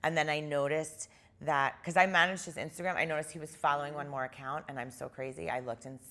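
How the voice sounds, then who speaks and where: A woman with a deep voice and a gravelly, vocal-fry edge, talking as a guest in a casual interview. She retells events in an animated way and fills her sentences with "like.". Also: quick pace. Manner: animated retelling, heavy use of "like".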